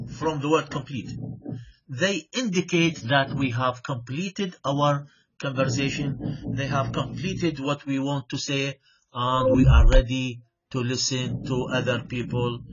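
Male lecturer, lively pitch. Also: a little hiss or hum. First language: Arabic. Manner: repeats himself, checks with "right?", switches into Arabic asides. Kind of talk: classroom lecture. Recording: dull lo-fi sound.

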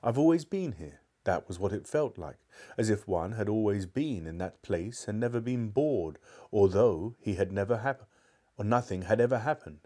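A man's voice: fairly low pitch, normal speed, warm tone. A man reading a children's novel aloud on a live stream, breaking off for chatty, appreciative asides to his viewers. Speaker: live-stream book club reader.

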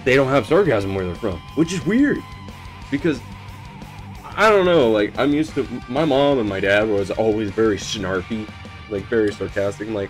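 A man from the United States giving casual, deadpan, sarcastic commentary over his gameplay, swearing freely and rambling with fillers and restarts. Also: on the low side, normal speed, faint music behind. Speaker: gaming channel host.

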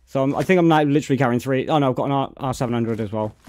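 Greeting viewers by name as he plays, a British man streams a game live and chats casually between gameplay remarks. He talks very fast in a medium-pitched, slightly mellow voice, with a little hiss or hum present.

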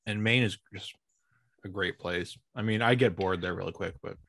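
A man's voice: low voice, moderate pace, gravelly, a bit bright, dry recording. A man in his thirties chatting casually as a podcast cohost, rambling and trailing off, laughing often, over a call mic. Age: 30s. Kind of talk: casual chat. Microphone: remote call mic.

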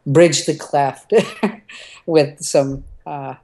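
Low-voiced woman telling lively stories. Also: very slow. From Southern California. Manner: animated, laughs through anecdotes. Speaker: interview guest, entrepreneur. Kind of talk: casual interview storytelling.

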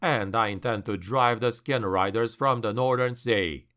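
A man voicing a cunning male dark elf noble in a fantasy audiobook, calm, even and persuasive. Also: medium pitch, measured pace, pitched below the performer's own voice, close to an everyday voice.

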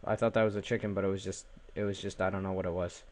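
A man's voice: sits low, little pitch movement, rapid-fire, darkish tone. Goofy young man narrating his gameplay. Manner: goofy, talks to the animals, repeats words in a silly chant. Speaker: gaming channel host. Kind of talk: casual let's play commentary.

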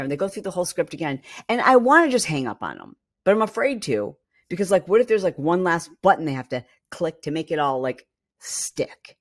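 A woman host talks casually on her podcast, piling up fillers as she vents her frustration. Her voice sits a little low, and her delivery is lively and irritated. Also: moderate pace. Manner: animated, exasperated ranting with frequent fillers.

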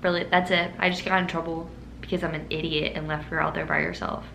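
Bright-voiced young woman telling a story. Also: low voice, fast, creaky. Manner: chatty and animated, with frequent laughs and filler words. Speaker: vlogger. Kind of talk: casual story-time monologue. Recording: roomy room echo with faint hiss.

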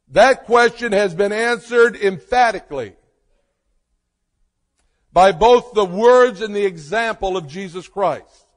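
A man preaching in a high, unhurried voice, leaning on each word with emphatic weight and long pauses. His sermon rings out with a long reverb trailing behind it. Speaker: pastor.

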